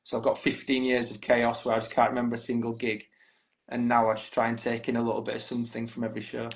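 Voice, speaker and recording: A man's voice: mid-range voice, monotone, quick pace, gravelly, poor audio. A man, a band's frontman, talking candidly and swearing freely as a guest in a casual podcast interview. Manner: chatty, candid storytelling, swears freely, says "mate" a lot.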